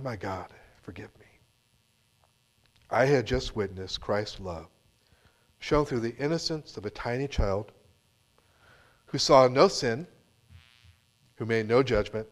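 A man preaching a sermon, reading a story with dramatic swings from full voice down to near-whispers. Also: medium pitch. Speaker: pastor.

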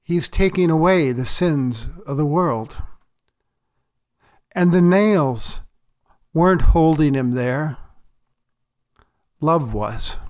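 A male pastor delivering a sermon in a measured, deliberate way, pausing for emphasis. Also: a little high, expressive, darkish tone.

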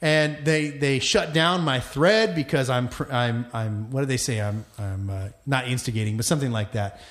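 A man casually telling a long story, animated and swearing freely as he talks. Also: mid-range voice, normal speed. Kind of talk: casual chat.

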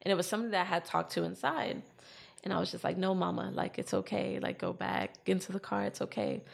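A woman's voice: mid-range voice, fast, creaky. A woman telling a personal story in casual chat, acting out what she and others said. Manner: animated retelling, acting out her own quotes.

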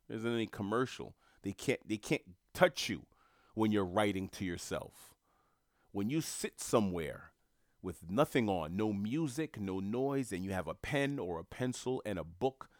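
A man's voice: lowish voice, no echo, clean studio sound. A man delivering a motivational monologue, emphatic and repetitive, in a coaching tone. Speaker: motivational speaker.

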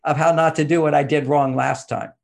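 A man's voice: on the high side, fairly even intonation, fairly quick, gravelly. A man explaining relationship advice in an interview, emphatic and teacherly, pushing his voice up on key points.

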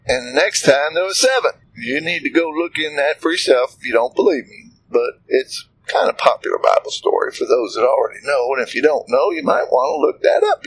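A man giving an informal devotional talk in a folksy, animated way, asking many rhetorical questions. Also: fairly high pitch, a little hiss or hum, low-quality recording.

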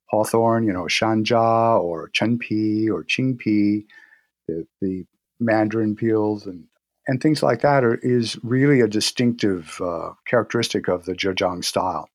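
A man with a fairly low voice talks through his experiences as an interview guest. He is easygoing and anecdotal, often restarting his sentences. The sound is close and dry, with no room echo. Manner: relaxed storytelling, frequent restarts and pauses. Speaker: guest, herbal medicine practitioner. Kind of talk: casual interview talk.

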